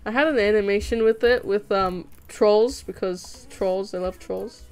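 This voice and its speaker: Drawing at home on a livestream, a young Australian woman giggles and chats with her audience over faint background music. Picked up by a desk mic, her clear, resonant mid-range voice is unhurried, with hardly any pauses.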